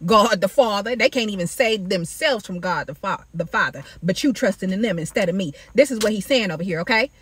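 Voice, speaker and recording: A woman talks casually to her viewers about scripture, calling them baby and y'all in an animated, preachy way. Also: mid-range voice, fairly quick, few pauses, slightly rough, no echo. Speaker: faith video creator. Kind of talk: casual Bible-study talk to camera. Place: outdoors in sunlight.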